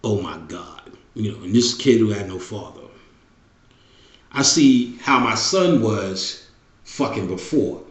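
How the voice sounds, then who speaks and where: A man's voice: on the low side, expressive, slow. Blunt, swearing middle-aged man, roomy sound. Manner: blunt, heavy swearing, repeats phrases. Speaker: show host. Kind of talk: casual profane monologue. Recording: roomy, dull lo-fi recording.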